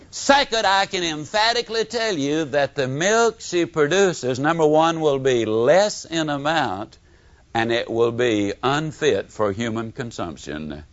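An older man from Mississippi with a Southern accent, giving a motivational speech full of folksy stories and acted-out quotes. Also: a little high. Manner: animated storytelling with folksy humor and acted-out quotes. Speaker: motivational speaker. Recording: dull lo-fi audio.

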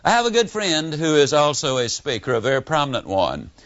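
Speaking fairly quickly in a slightly high voice, an older motivational speaker from Mississippi tells animated, folksy stories in his Southern accent and acts out quotes along the way. There's no echo, but the audio is dull and lo-fi.

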